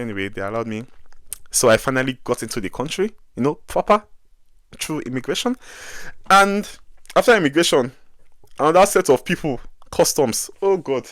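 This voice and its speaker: A man's voice: medium pitch, normal speed, pauses often, no room sound, clean studio sound. Exasperated young Nigerian man telling a story. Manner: animated, exasperated storytelling with many asides. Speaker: vlogger. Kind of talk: casual story-time vlog.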